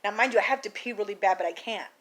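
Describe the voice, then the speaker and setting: A woman telling a story in a casual vlog, animated, acting out the people in it and laughing often. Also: mid-range voice, very fast. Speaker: vlogger.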